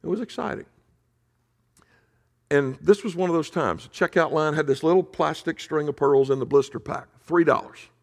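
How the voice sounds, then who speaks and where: A male pastor preaching in a conversational storytelling way, often dropping to a hush for emphasis. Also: on the high side, a little fast, few pauses. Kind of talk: sermon storytelling.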